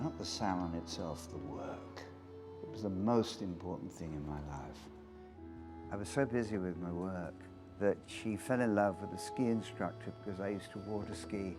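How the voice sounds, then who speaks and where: A man from London recalling his working life in a documentary interview, reflective and candid. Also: low voice.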